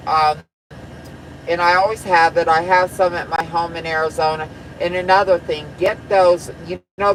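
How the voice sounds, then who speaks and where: A woman's voice: deep voice, slight background noise, poor audio. A woman truck driver chatting on a live stream, blunt and profane, rambling from one topic to the next. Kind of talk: casual live-stream chat.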